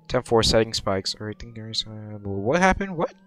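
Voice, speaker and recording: A man's voice: fairly low pitch, very animated, a little fast, fairly bright tone. A young man giving gameplay commentary while role-playing a police officer, barking orders and exclaiming in surprise. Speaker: gameplay video creator.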